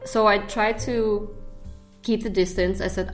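A woman hosting a casual chat, telling dating stories in a lively way and acting out text messages, with soft music behind her. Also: medium pitch, measured pace. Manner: animated storytelling, acting out text exchanges. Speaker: podcast host.

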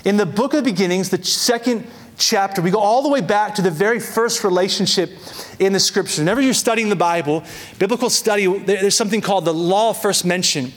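A man's voice: high voice, quick pace. A young adult man preaching a sermon as pastor, emphatic, drawing out key phrases and repeating words, acting out quoted lines. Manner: acts out voices in quoted prayers and asides.

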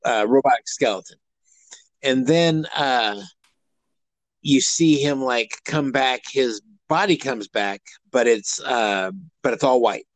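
Taking it slowly in a mid-range voice, a man co-hosts a podcast in casual, rambling conversation full of fillers and restarts. The recording is low-quality but has no echo.

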